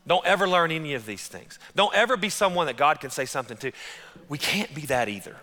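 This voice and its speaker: Bright-voiced male pastor preaching. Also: on the high side, fast, in a large hall. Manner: animated storytelling, conversational. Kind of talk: sermon.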